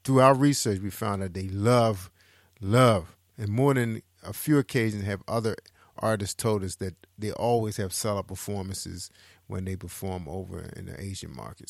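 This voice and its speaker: A man's voice: on the low side, gravelly, dry recording. Upbeat man hosting a podcast, dry sound. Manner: upbeat, repeats phrases for emphasis. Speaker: podcast host. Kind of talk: casual radio-style promo chat.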